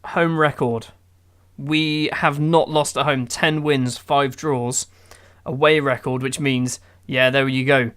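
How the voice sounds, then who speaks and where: A man's voice: mid-range voice, fairly even intonation, slow pace, fairly bright tone, clear, resonant tone. A man playing a football manager game, giving sarcastic, exasperated running commentary on the matches. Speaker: gaming YouTuber.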